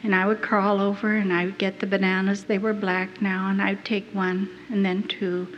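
A woman's voice: medium pitch, flat delivery, normal speed, few pauses. Woman giving a testimony in a hall. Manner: earnest, emotional storytelling. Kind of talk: first-person testimony to an audience. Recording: dull lo-fi hall recording with faint noise.

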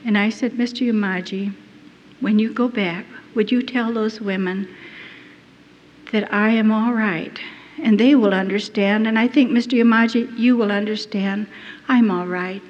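A woman's voice: medium pitch, steady tone, a little slow. Woman giving a testimony in a hall. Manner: earnest, emotional storytelling. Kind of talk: first-person testimony to an audience. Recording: dull lo-fi hall recording with faint noise.

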